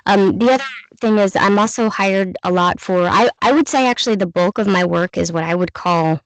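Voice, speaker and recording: Guest: bilingual voice actress, Spanish native, easygoing talk, dead-dry close mic. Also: female voice, medium pitch, brisk, no room sound, rough recording. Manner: relaxed and conversational, with many fillers. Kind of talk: casual interview answers.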